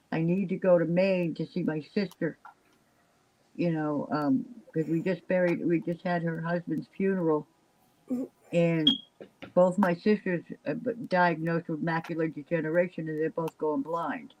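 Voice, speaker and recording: A woman's voice: lowish voice, fairly even intonation, moderate pace, darkish tone, low-quality recording. Tired, chatty older woman. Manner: rambling, chatty, trails off with fillers. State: exhausted. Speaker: live stream chat participant. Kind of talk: casual chat.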